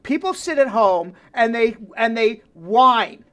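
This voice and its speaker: A man's voice: very high-pitched, animated, slow, a bit bright. A man hosting a live radio talk show, joking and reading ads with repeated phone numbers.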